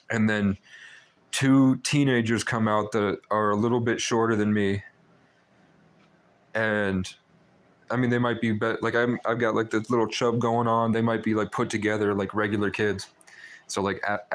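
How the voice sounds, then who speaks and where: Guy on a live stream just rambling on, lowish voice, pretty monotone. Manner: rambling and talkative, with many fillers. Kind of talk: casual storytelling chat.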